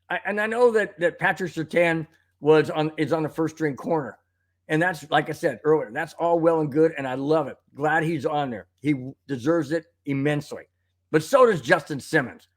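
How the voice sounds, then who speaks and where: A man hosting a live sports talk stream, ranting in a worked-up way, reading viewer comments aloud and coughing now and then from a tickle in his throat. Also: a little high. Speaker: live show host.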